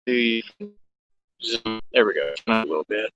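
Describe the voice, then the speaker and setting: A man's voice: fairly low pitch, expressive, unhurried, fairly bright tone, muffled recording, soft background music. A man live streaming from a cell phone beside railroad tracks, chatting casually and greeting viewers by name. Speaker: railfan livestreamer. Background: background noise, running engines.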